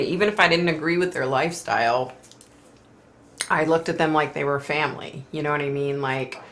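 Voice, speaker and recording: A woman's voice: deep voice, fairly bright tone, a little hiss or hum. A middle-aged woman hosting a casual live stream, talking in an emotional, rambling way with sighs and fillers. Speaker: host reading viewer comments.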